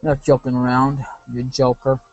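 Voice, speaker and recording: A man's voice: mid-range voice, monotone, moderate pace, lo-fi sound, slight background noise. A man giving casual, rambling gameplay commentary, correcting himself and drifting into asides. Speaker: let's play commentator.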